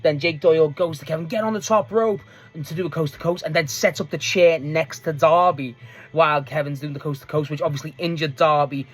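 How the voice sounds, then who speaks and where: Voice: medium pitch, fairly even intonation, brisk, faint music behind. A speaker giving a casual, rambling recap of a wrestling match. They swear freely, laugh often and restart sentences a lot. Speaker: wrestling show reviewer.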